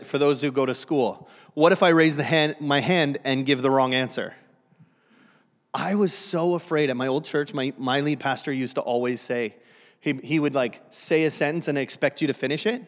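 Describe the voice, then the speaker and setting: A man's voice: mid-range voice, normal speed, long reverb tail. A man preaching a humorous sermon to a church, self-deprecating and joking, often restarting his sentences. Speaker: guest pastor. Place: church sanctuary.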